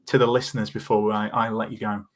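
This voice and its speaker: Male podcast host, casual and self-deprecating, fairly low voice. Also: level tone, fast talker. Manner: chatty, self-deprecating, lots of fillers.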